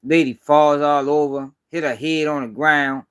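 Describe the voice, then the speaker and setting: A man from Baltimore rants through casual live-stream commentary, blunt and heavy on the profanity. His voice sits fairly high for a man, and he hammers his points home with emphatic repetition. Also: fairly even intonation, measured pace, a bit bright, smooth. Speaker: street news commentator.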